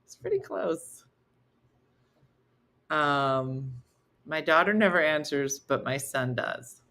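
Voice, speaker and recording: A woman's voice: low voice, animated, takes it slowly, pushed and bright. A middle-aged woman hosting a live morning comedy stream, chatty and laughing as she reads viewer comments aloud.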